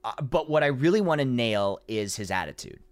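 A man's voice: medium pitch, a little fast, no echo. A man, a voice actor, chatting casually as an interview guest, telling a story with lots of fillers and acted-out quotes. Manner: animated storyteller, acts out quotes, frequent "you know" fillers.

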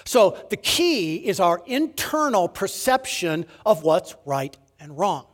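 A man delivers a sermon in a fairly high voice that climbs and falls with great liveliness. He pushes hard on key words, then sinks to hushed, almost whispered endings. He leans on rhetorical questions and repeats words for emphasis. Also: slow pace, in a large hall. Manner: animated preaching, rising to emphasis then dropping to near-whispers. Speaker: pastor.

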